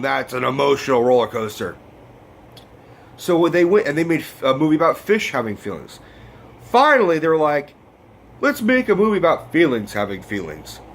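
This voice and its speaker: A man's voice: medium pitch, a bit bright, a little hiss or hum. A man giving a casual, rambling film review, swearing freely and getting emotional. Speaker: movie review vlogger.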